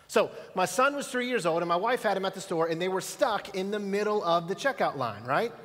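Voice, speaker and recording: A middle-aged pastor with a high voice preaches a sermon in a church auditorium, and the recording carries hall reverb. He speaks fairly quickly with lively intonation and a fairly bright tone, telling stories conversationally and putting questions to the audience.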